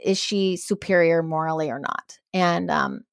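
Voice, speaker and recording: A woman co-hosting a podcast, chatting about a book in a lively, casual way. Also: fairly low pitch, measured pace, creaky, dry recording, studio quality. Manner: animated, chatty, reacts with disgust and laughter.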